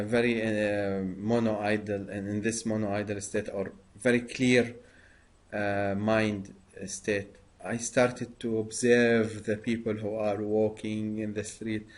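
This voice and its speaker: Male interviewer, very slow and halting, lots of "uh". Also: fairly low pitch. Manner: halting, many pauses and fillers. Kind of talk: conversational interview.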